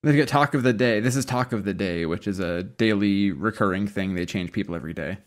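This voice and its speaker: A man's voice: on the low side, a little fast. A man co-hosting a podcast, chatting and explaining his opinions with many "like"s. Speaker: podcast co-host. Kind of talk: casual chat about a TV show.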